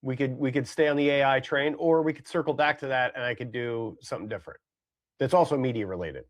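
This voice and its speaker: A man's voice: medium pitch, fast talker, dull audio. A man co-hosting a casual comedy podcast, rambling along with hedges, fillers and repeated phrases. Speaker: podcast co-host.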